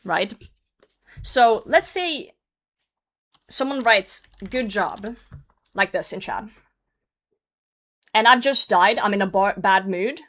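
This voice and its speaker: A woman's voice: medium pitch, animated, slow pace, pauses often, a bit bright. A woman streaming a game, chatting casually with her chat, teasing viewers, laughing often and swearing freely. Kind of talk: casual livestream chat while gaming.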